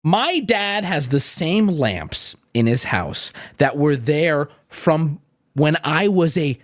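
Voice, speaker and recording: Man, streamer, casual profane chat, lively swooping pitch, dry close sound. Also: slow pace, no echo. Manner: animated, profane storytelling.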